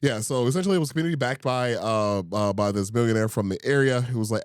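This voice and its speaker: Man, young adult, podcast co-host, casual chat, laughs a lot, filler words, mid pitch, dry close mic. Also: fast talker, clear, resonant tone, dry recording. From Indiana, USA. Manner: laughs often, many fillers and restarts.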